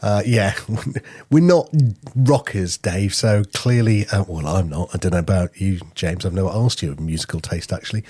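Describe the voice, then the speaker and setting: Male co-host, low husky voice, dry sound, relaxed joking banter. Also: moderate pace, no echo. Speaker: podcast co-host. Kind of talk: casual podcast chat.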